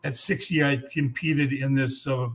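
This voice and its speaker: An older man in his sixties tells his story as a podcast guest. His middle-pitched voice sounds frank and earnest. He speaks bluntly and restarts his sentences often. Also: fairly even intonation, normal speed. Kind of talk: candid personal storytelling.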